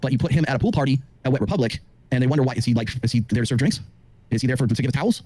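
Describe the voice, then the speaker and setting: A middle-aged man who lectures with rapid confidence, full of fillers, as a dating commentator on a podcast. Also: mid-range voice, a little mellow, dry recording. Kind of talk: monologue on a podcast.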